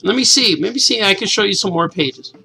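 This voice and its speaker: A man in his forties, a cartoonist, casually and excitedly reading his comic aloud to kids. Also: high voice, a little fast, creaky, slight background noise, poor audio. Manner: enthusiastic, casual, says "man" a lot.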